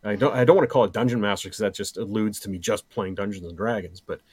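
Jokey middle-aged guy rambling on a podcast, lowish voice, dead dry sound. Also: quick pace, a little mellow, husky, dry recording. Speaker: podcast co-host. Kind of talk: casual chat.

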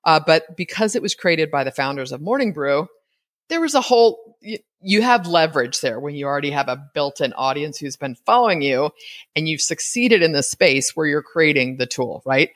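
A woman hosts her own podcast from a home setup, speaking into a podcast mic. Her delivery is candid and conversational, with light laughter and frequent asides. She pauses at times to spell words out letter by letter. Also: low-pitched. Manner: candid, chatty and lively, with quick laughs and asides. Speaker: podcast host. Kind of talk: solo podcast commentary.

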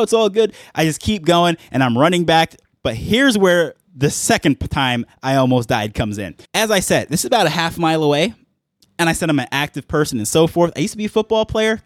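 A young man telling a personal story in a casual, chatty vlog, animated and laughing between phrases. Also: fairly high pitch, dry recording, clean studio sound. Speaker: NFT collector telling a story.

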